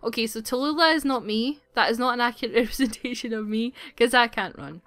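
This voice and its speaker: A woman's voice: a little high, quick pace, fairly bright tone, dry recording. A woman playing a game on video, chatting and giggling in asides between reading its lines. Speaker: let's-play gamer.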